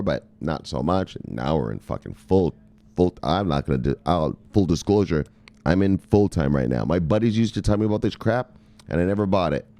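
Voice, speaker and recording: A man with a low, mellow voice hosts a crypto news channel and talks like he is a little drunk. He reads from articles, trips over words, then launches into profane, pushy rants. The sound is dry with no room echo. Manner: rambling, swearing, pushy, gets louder and more excited; reads from articles, stumbles and corrects himself. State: tipsy. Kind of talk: casual profane market commentary.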